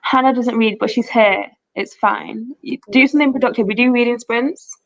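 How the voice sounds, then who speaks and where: A woman's voice: fairly high pitch, moderate pace, no room sound, highs cut off. A woman in her twenties hosting a casual livestream, chatting and reading out comments from the chat. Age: 20s. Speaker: host.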